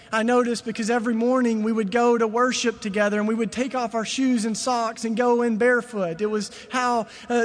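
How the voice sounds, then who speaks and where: A man preaching a sermon, moving from quiet storytelling to loud, passionate calls. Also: very high voice, long reverb tail.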